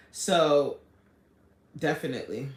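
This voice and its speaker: Chatty woman coach reading her live chat. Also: low-pitched. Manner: chatty, reads viewer comments aloud and answers them. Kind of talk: casual live-stream chat. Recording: echoey room.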